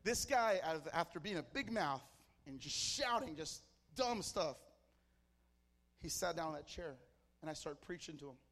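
High-voiced fervent man preaching. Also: animated, moderate pace, a bit bright, in a large hall. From Mexico. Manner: fervent, storytelling, punchy short phrases. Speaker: pastor. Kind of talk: sermon. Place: church service.

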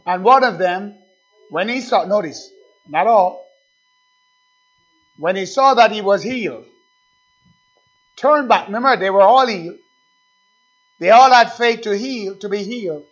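Male preacher, slow deliberate sermon delivery building to fervent calls, dull low-fi recording. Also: faint music behind. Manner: preaching with rising, fervent calls and quiet asides.

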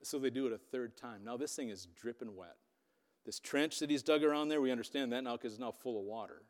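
A man's voice: medium pitch, a little fast. Man preaching in a reverberant hall. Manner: animated storytelling, voicing quotes with sarcasm. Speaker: pastor. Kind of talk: sermon.

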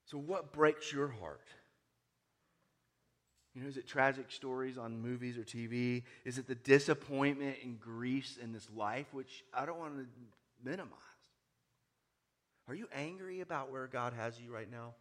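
A man preaching a sermon, moving from hushed, quiet lines to loud, raised ones and asking his listeners many questions. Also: medium pitch, measured pace, pauses often. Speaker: pastor.

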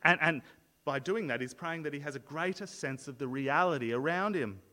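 A man's voice: fairly high pitch, moderate pace, sharp tone, long reverb tail. A man preaching a sermon as pastor, explaining earnestly and often repeating words as he restarts a thought.

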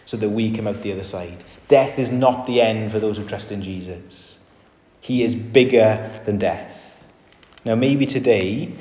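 A man's voice: medium pitch, a little mellow. A man preaching a sermon to a congregation in an earnest way, asking rhetorical questions and acting out short quotes. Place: church hall before a congregation. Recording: echoey reverberant hall.

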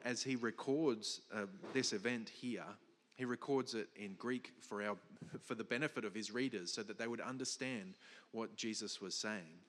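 A man's voice: medium pitch, a bit bright, long reverb tail. A man preaching a sermon, explaining a passage with emphatic stresses, some restarts and fillers. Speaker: pastor.

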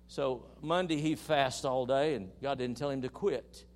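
A man preaching a sermon in church, telling a story and rising into loud, emphatic praise while calling the congregation to respond. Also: medium pitch, a little slow.

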